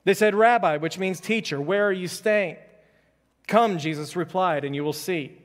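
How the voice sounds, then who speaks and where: A man's voice: sits high, moderate pace, in a large hall. A man preaching a conversational sermon as pastor, reading scripture and adding joking asides. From Houston, Texas.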